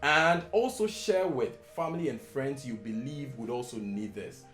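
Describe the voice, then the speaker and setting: A man hosting an English-usage show, explaining words in a measured scripted way and checking in with "okay?". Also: mid-range voice, fairly bright tone. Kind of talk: scripted educational presentation. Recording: echoey room with faint guitar music.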